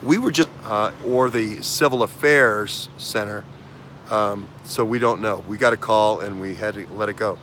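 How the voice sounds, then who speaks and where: With a fairly low, slightly bright voice at a moderate pace, a man hosts a laid-back political talk show. His delivery rambles, full of fillers, repetitions and restarted sentences, over slight background noise.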